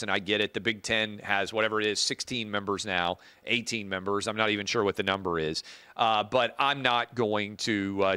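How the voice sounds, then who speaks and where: Man, middle-aged host, bright forceful voice, dry close sound, casual opinion monologue. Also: mid-range voice, clear, resonant tone, no echo. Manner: casual, opinionated, talks off the cuff. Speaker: show host.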